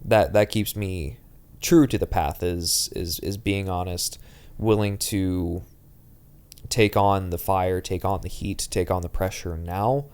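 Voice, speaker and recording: A man co-hosting a podcast, speaking in a halting, intense way with frequent restarts. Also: low voice, fairly even intonation, a little mellow, smooth. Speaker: podcast co-host. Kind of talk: casual podcast discussion.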